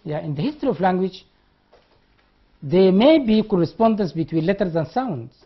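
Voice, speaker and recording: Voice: mid-range voice, lively intonation, moderate pace, slightly rough. Lecturer spelling words aloud. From Sudan. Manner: repeats key terms and spells words out letter by letter; demonstrates sounds aloud. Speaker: university lecturer. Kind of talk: classroom lecture. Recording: dull lo-fi classroom recording.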